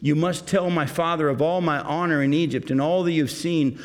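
A man's voice: fairly high pitch, fairly even intonation, moderate pace. A man preaching a sermon, reading scripture aloud and explaining it to his congregation. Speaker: pastor.

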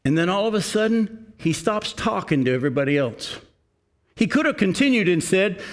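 An older man preaching a sermon, reading scripture slowly and emphatically and then talking to the congregation in an earnest, conversational way. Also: sits high, very animated. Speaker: pastor.

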